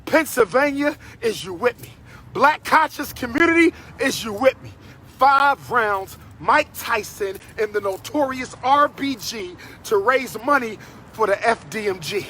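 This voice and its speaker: A man doing a loud, pumped-up hype chant with call-and-response lines. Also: very high-pitched, lively intonation, a little slow, slight background noise.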